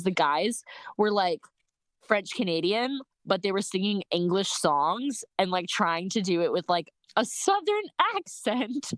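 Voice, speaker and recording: A young woman with a medium-pitched voice animatedly tells a casual story about her bike trip, laughing often and filling her talk with "like." There's no echo.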